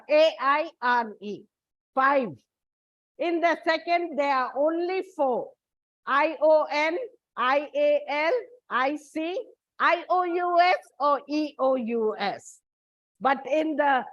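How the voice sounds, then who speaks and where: A woman with an Indian English accent teaching an English lesson, slowly spelling out word endings letter by letter and repeating each example word. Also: sits high, no room sound. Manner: slow, deliberate, repeats and spells out words letter by letter. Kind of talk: slow spelled-out classroom lesson. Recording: dull, muffled lo-fi recording.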